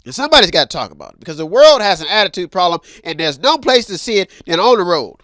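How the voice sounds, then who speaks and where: A male host running through headlines in an emphatic, repetitive style, often calling out to his folks. His voice sits fairly high and bright, with lively swings in pitch. The sound is dry and close. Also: quick pace, no room sound. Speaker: show host. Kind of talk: news commentary show.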